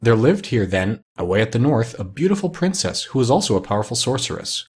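A man's voice: medium pitch, sing-song, brisk, breathy edge. A man voicing the proud king of the winged monkeys, telling a long tale in a storybook reading. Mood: storytelling.

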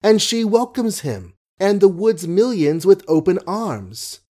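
A man reading an audiobook, voicing a cynical gentleman poseur who speaks in an ironic, lofty, theatrical manner. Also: high-pitched, very animated, unhurried, pitched above the performer's own voice, heavily acted. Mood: mocking.

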